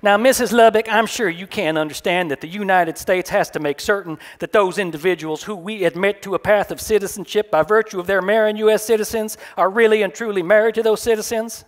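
A man's voice: high-pitched, brisk, hardly any pauses, lightly acted. A man reading aloud, playing a nosy, folksy middle-aged immigration officer with a drawl at a live reading.

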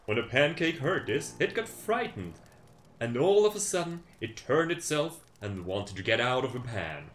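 A man's voice: mid-range voice, big pitch swings, normal speed, fairly bright tone. A young man reading a folk tale aloud on a stream, with playful, sarcastic asides. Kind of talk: casual storytime read-aloud with joking asides. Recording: roomy echo with faint ambience.

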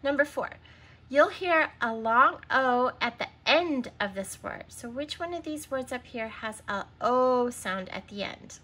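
A woman teaching young children to read in a recorded lesson. Her voice is bright and a little high, and she takes her time, sounding words out and spelling them letter by letter. She patiently prompts her listeners to stop and answer. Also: expressive, measured pace.

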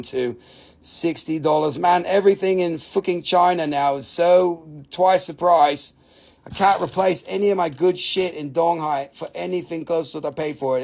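Excitable high-pitched gravelly man. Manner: excitable, swears freely, laughs often; non-native English grammar. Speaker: host selling crystals on a live stream. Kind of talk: casual live sales chat.

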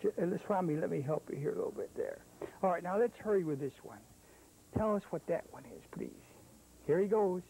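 A man's voice: high-pitched, lively intonation, a little fast, gravelly, dark tone, breathy edge, rough recording. A man hosting a 1970s children's TV show as a clown, playfully coaxing the kids and chatting with a puppet sidekick. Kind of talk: 1970s kids' TV show patter. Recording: old broadcast archive, faint hiss.

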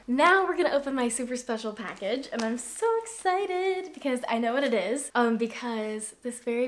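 A young woman vlogging an unboxing, gushing and excitable, with lots of "like" in her talk. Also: a little high, a little hiss or hum. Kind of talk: casual unboxing chat.

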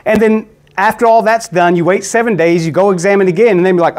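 A man gives a relaxed Bible teaching with a slightly higher-than-usual voice. He talks conversationally, stumbling and repeating words as he goes. His lines often break off and start again. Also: quick pace.

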